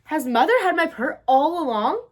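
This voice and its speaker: A woman's voice: big pitch swings, normal speed. A woman voicing a sad, determined little female kitten for a storybook reading. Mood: hopeful. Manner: high, plaintive asking.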